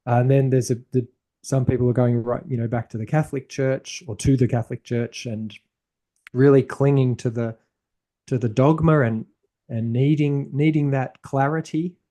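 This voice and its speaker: A podcast host talks through a casual conversation in a mid-range, mellow voice at normal speed, his intonation fairly even. He's thoughtful but loose and rambling, often restarting his sentences.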